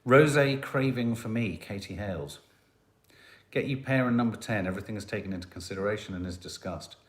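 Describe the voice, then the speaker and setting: A man's voice: lowish voice, fairly quick. A British man co-hosting a casual live chat, reading out viewer comments and teasing. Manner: chatty, teasing, reads out comments. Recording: echoey room.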